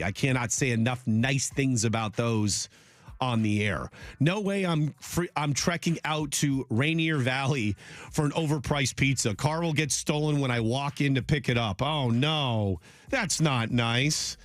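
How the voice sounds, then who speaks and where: A man hosting a sports radio talk show, rambling and joking in a loose, animated way. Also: mid-range voice, a little slow, dry recording. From Polish heritage.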